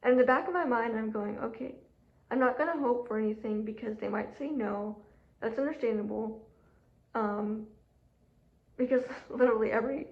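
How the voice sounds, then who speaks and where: A woman talking casually to camera about her own experiences, chatty and animated, with lots of fillers and quoted self-talk, and a sore throat. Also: on the high side. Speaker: job seeker telling her story. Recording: echoey room, dull lo-fi audio.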